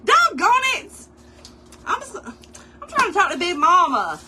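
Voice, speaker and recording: A woman's voice: extremely high pitch, huge pitch swings, moderate pace, very noisy. A woman hosting a casual craft tutorial, chatting playfully with her viewers as she works. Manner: playful, chatty, talks straight to viewers and chat, laughs often.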